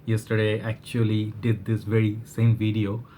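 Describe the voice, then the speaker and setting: A man from Bangladesh talks through a fragrance review in a loose, rambling way, full of fillers and restarts. His voice sits on the low side and sounds a little worn. There is a faint hum of room ambience behind him. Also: completely flat delivery, normal speed, mellow. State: slightly worn voice. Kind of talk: casual product review vlog.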